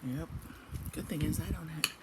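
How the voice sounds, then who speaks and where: A woman's voice: deep voice, normal speed. A middle-aged woman vlogging at home, chatting in a rambling, casual way. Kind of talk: casual chat. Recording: noisy home recording.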